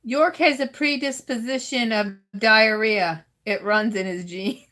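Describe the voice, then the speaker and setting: A woman's voice: fairly high pitch, measured pace, pushed and bright. A woman with a Southern US accent reading roast jokes aloud as host, giggling between them and stumbling over her lines.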